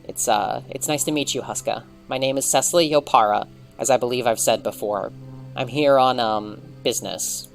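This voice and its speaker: A man's voice: mid-range voice, moderate pace, gravelly, soft background music, close to an everyday voice. A man voicing a verbose, flustered adult chief regulator who stammers through polite phrases.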